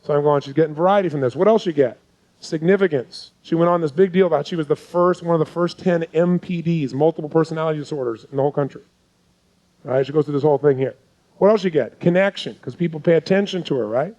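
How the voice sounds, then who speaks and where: An intense male seminar coach with a voice pitched a little above the usual. He drives his points home by peppering the crowd with quick rhetorical questions, teaching live in a forceful, persuasive way. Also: muffled recording.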